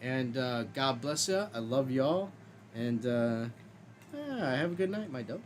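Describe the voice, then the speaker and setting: A man hosting a casual group commentary chat, loud and joking, swearing freely. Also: mid-range voice, sing-song, a little slow, slight background noise. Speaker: host.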